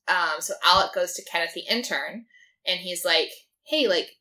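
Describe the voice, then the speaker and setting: Young woman co-host, bright and forceful tone, breezy filler-laden retelling of a show. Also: on the low side, normal speed. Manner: chatty, filler-heavy, quotes characters in her own voice. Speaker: podcast co-host. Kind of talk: casual chat recapping a TV episode.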